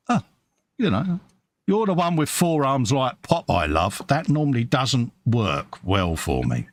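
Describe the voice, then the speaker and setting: Here the same sort of middle-aged British co-host chats casually and pokes fun at himself as he assembles a kit and reads out messages from the live modelling stream's chat. His medium-pitched voice has a sing-song lilt and moves a little slowly.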